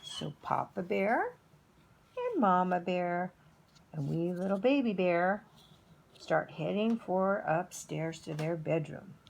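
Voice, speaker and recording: A middle-aged woman reading to toddlers in an unhurried, expressive way. Her husky, gravelly voice rises and falls a lot. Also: fairly low pitch. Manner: slow, expressive storytelling. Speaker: preschool teacher. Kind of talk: storytelling for toddlers.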